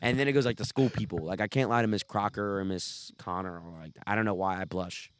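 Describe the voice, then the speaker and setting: A young man co-hosting a casual podcast, telling stories loudly, swearing a lot and laughing often. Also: lowish voice, steady tone, quick pace, clean tone, no room sound. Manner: loud, profane storytelling, laughs often. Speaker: podcast co-host.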